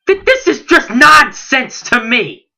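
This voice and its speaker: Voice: high-pitched, sing-song, slow pace, creaky, bright, forceful tone. A late-teen wrestling vlogger in a heated, indignant rant, firing off rhetorical questions and repeating himself. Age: late teens.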